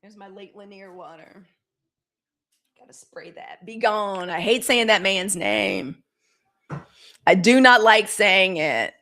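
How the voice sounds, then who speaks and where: A woman in hosting a live news show, talking straight to her viewers in a sassy, animated way. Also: medium pitch, takes it slowly, long pauses. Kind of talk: casual live-stream commentary.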